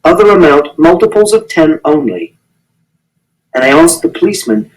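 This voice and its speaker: A man's voice: a little high, very animated, moderate pace. A man reading a first-person novel aloud in an earnest, literal, matter-of-fact way. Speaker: reader. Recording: distant mic.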